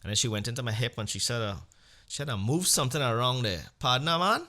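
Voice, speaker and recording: A man telling crude comic stories as a podcast host, acting out exchanges with sudden jumps in pitch and volume. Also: fast talker, sharp tone. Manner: blunt and crude. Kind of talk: comic storytelling monologue.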